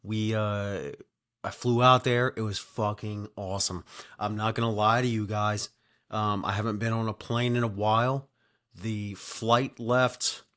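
A man's voice: fairly low pitch, fairly bright tone. Rambling, foul-mouthed man telling a story. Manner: rambling and profane, heavy on fillers and "right?". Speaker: podcast host telling a travel story. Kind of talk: casual storytelling monologue.

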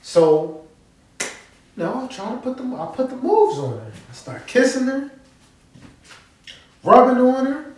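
A man casually telling a story straight to his listeners, animated and profane, often checking that they follow him. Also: very high voice, a little slow, long pauses, slight background noise. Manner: animated, profane, keeps asking listeners to agree. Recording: roomy echo.

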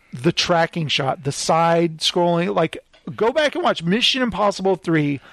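A man with a high, light voice talks over a close, dry mic. He hosts a casual film chat and tells his stories with excitable, animated energy. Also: dry recording. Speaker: podcast host. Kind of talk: casual chat about films.

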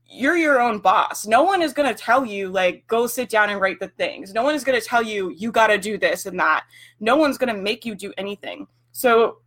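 A young woman talks to her livestream audience in a loose, blunt way. She peppers her speech with "like" and the occasional swear word, and her voice sits at a middle pitch. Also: a bit bright. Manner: frank, swears freely, lots of filler "like". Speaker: livestream host coaching business owners. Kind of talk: casual livestream talk.

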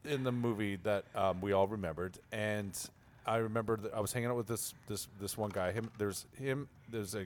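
A middle-aged man from Canada hosting a podcast, telling a high school story in a casual chat and laughing his way through it. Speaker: podcast host.

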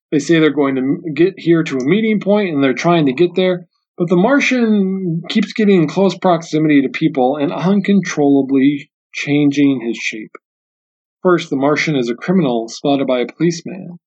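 A man with a fairly high voice hosts a solo book podcast, talking earnestly and reflectively and often restarting his sentences. He reads quoted passages slowly and carefully. The audio sounds dull and muffled, like a lo-fi recording. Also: a little mellow. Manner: slow, careful reading of passages aloud. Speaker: podcast host.

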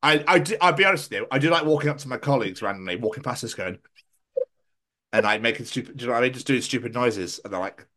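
A young man from England rambles through a casual podcast chat, swearing freely and laughing as he goes. His pitch swings widely, and he breaks into mock voices. The delivery is loose and conversational. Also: animated, fast talker, pushed and bright. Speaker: podcast co-host.

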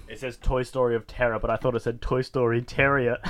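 Chatty podcast host acting out scenes. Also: male voice. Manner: acts out characters in quick squeaky put-on voices while retelling. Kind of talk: casual chat recapping a sitcom episode.

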